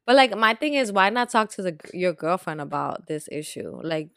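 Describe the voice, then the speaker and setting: A woman co-hosting a podcast, reacting bluntly and chiming in with quick replies. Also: on the low side, expressive, vocal fry, fairly bright tone, no room sound, studio quality. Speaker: podcast co-host. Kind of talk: casual chat, reacting.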